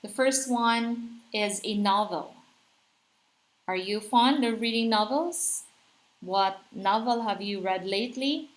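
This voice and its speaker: Slow-talking woman teaching literature. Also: medium pitch. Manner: explanatory, asks rhetorical questions. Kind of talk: literature lecture.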